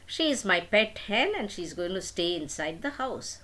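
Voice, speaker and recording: A woman's voice: medium pitch, very animated, normal speed, a bit bright. An older woman voicing a stubborn, devoted young man in a spoken storybook, talking insistently and emphatically.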